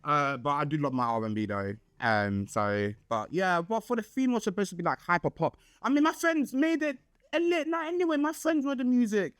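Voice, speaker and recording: A young man spills the story of his birthday night in a chatty, dramatic vlog voice. His voice sits fairly high and swings widely, animated all through. The sound is dry and close to the mic. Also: fairly quick, no room sound. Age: 20s. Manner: chatty, dramatic, gossipy, full of fillers and laughs. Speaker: vlog host.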